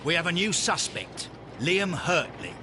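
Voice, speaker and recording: An actor playing a smug male police inspector, talking in a brisk, self-satisfied way. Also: fairly high pitch, sing-song, noisy background.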